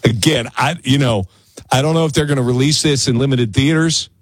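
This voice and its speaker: Here a man with a mid-range, slightly rough voice talks fairly quickly on talk radio, with no echo on his studio broadcast mic. It's a casual monologue from the host, who turns conversational and stumbles over repeated words once he's worked up.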